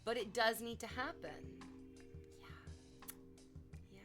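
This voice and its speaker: A woman streamer chatting casually on stream, animated and swearing freely, swinging between soft reflection and loud emphasis. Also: on the high side, takes it slowly, pauses often, music in the background.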